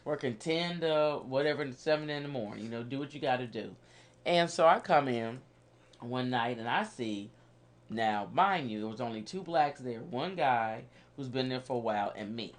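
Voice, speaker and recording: Animated woman telling a story. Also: a bass voice, moderate pace. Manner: animated, laughs while telling. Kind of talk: casual storytelling.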